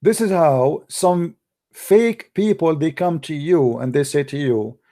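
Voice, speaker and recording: A religious debater lectures combatively on a livestream, mocking and scolding his opponents in non-native English. His voice is a little high and mellow, moving at a measured pace.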